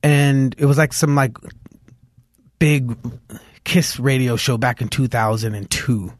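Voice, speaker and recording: A man's voice: mid-range voice, fairly even intonation, unhurried, no room sound, clean studio sound. A man from Los Angeles, a musician guest, telling stories in a casual interview, with lots of fillers and restarts. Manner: rambling storytelling with many fillers.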